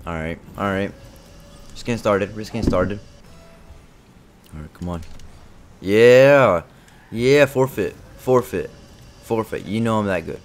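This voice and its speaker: Excitable young man trash-talking over gameplay. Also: low voice, normal speed, long pauses, soft background music. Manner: excitable, trash-talking, swings between muttering and shouting. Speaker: gaming video creator. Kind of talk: live gameplay commentary.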